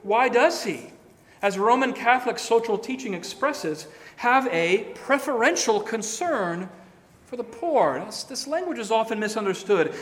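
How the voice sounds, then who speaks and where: High-voiced man preaching in a reverberant hall. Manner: scholarly, emphatic, with swells and drops in loudness. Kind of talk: sermon. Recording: long reverb of a large hall.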